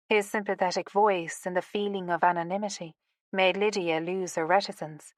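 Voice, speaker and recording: A woman narrating a romance audiobook in a measured, expressive storytelling manner. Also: lowish voice, dry recording, clean studio sound. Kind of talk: scripted narration.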